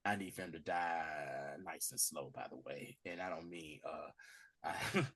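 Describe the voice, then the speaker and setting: Animated man recapping a show. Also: low voice, a little slow, slightly rough. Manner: animated retelling, acting out characters' lines in a slangy voice. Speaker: podcast host. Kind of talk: casual episode recap.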